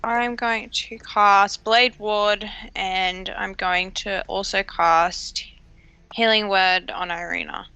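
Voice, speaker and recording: Woman player, talks slow, smooth clear voice. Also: mid-range voice, steady tone, bright, forceful tone, dry recording. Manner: slow, unsure. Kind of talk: casual game talk.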